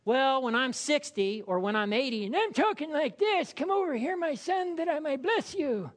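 A man voicing an elderly man calling his son over to bless him, in a high, theatrical voice. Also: animated, normal speed. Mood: doddering.

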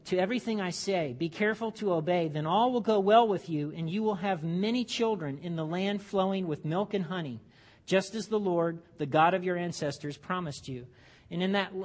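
Conversational male pastor preaching. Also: high-pitched. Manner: conversational, joking asides, frequent restarts. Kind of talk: sermon. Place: church.

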